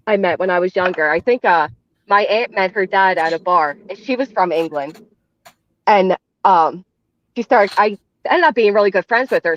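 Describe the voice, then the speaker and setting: A woman's voice: mid-range voice, no echo. A woman chatting casually on a livestream, giggling and telling easygoing stories. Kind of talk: casual chat. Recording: dull, dry lo-fi sound.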